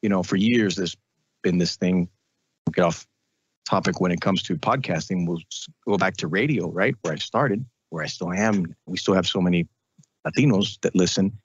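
A man who is a radio and podcast host, talking casually in an interview and telling animated stories. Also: sits low, normal speed, breathy edge, no echo, lo-fi sound. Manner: animated storytelling, mimics relatives.

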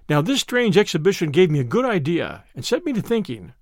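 A man reading a first-person audiobook narration in an expressive way. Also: high-pitched, a little fast, few pauses, dry recording, clean studio sound.

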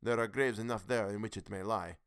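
Man doing frightened soldier, shaky and urgent, scornful edge, smooth low voice, storybook. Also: fairly even intonation, fairly quick, fairly bright tone, dry recording, clean studio sound. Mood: fearful. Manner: urgent, shaky, then sarcastic.

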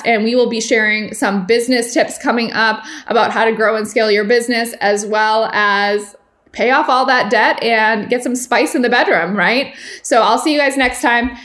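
Chatty woman host, thirties, slightly high voice, loose, filler-laden storytelling. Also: moderate pace, a bit bright. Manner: chatty, filler-heavy, laughs while telling stories. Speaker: podcast host. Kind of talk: casual chat, storytelling.

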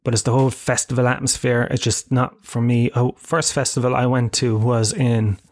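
A man's voice: medium pitch, steady tone, moderate pace, darkish tone, no room sound, clean studio sound. An Irish man in his thirties hosting a solo podcast, telling rambling, profane, self-mocking stories in casual chat. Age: 30s. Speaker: podcast host.

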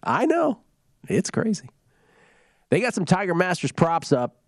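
A man hosting a sports betting show, telling jokes and stories in a casual, animated way. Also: high-pitched, measured pace, no echo, studio quality. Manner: joking, animated storytelling.

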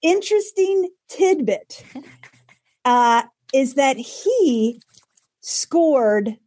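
A woman's voice: high voice, very animated, drawn-out words, warm tone, dry recording. A woman co-hosting a podcast, talking casually with hesitant starts. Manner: hesitant, many fillers and restarts. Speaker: podcast co-host. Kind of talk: casual chat.

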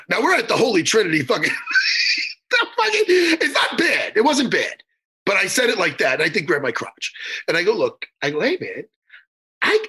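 A man's voice: high voice, vocal fry, bright, forceful tone, breathy edge. A middle-aged man telling a profane, rambling story in casual chat, stammering through restarts and bursting into laughter.

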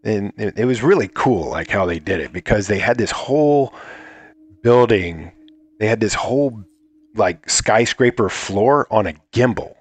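A man's voice: lowish voice, animated, a little slow, husky. A man telling a rambling, profane story in a casual chat, acting out what others said. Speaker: guest.

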